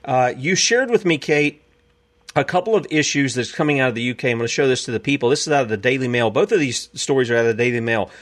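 A man's voice: mid-range voice, expressive, quick pace, a bit bright. A man hosting a talk show in a folksy manner, reading headlines and chatting with guests. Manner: folksy, chuckles often. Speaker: host.

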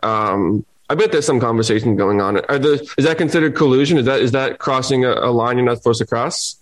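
A man with a mid-range voice talks casually as a podcast co-host. He sounds relaxed and hedges, often thinking aloud. He also fills gaps with short ums. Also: mid-range voice, a little fast, hardly any pauses, rough recording. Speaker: co-host, former player. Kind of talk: casual sports chat.

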